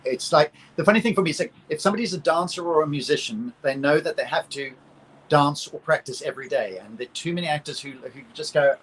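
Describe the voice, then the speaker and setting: A man's voice: on the high side, fast talker, fairly bright tone, a little hiss or hum, rough recording. A man with a British accent, an actor speaking as a guest in a casual interview, explaining things at length. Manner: thoughtful, explanatory. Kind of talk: conversational interview.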